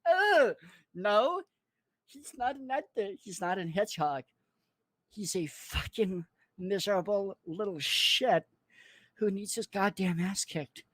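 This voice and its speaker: A man in a furious, profanity-laden livestream rant, cursing, threatening and mocking people in a squeaky put-on voice. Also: lively intonation, slow, a bit bright, no echo. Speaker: online commentator.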